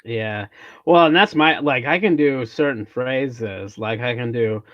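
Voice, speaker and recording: A man's voice: medium pitch, a little slow, fairly bright tone, no room sound, muffled recording. A man hosting a podcast, chatting casually and telling a story, often restarting his sentences. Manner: rambling storyteller, restarts, mock Minnesota accent in quotes. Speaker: podcast host. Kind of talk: casual chat.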